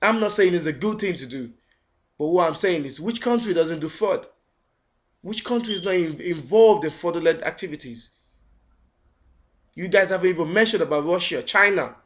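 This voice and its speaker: A man's voice: sits high, lively intonation, normal speed, long pauses, fairly bright tone. A man giving an indignant video response, firing off rhetorical questions and stumbling over repeated words. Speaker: vlogger. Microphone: webcam. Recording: dull lo-fi webcam audio.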